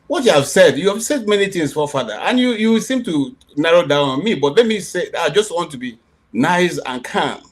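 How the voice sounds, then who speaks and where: Nigerian-accented male host, fairly high voice, forceful and repetitive, heated debate delivery. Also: very animated, brisk. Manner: emphatic, repeats himself, rising to near shouting when challenged. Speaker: program host.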